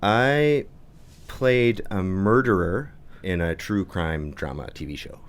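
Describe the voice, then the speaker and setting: A man's voice: low voice, slow pace. A young man on a comedy podcast, a guest musician telling stories and laughing at himself. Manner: giggly, self-deprecating, trails into laughter. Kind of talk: casual comedy podcast chat.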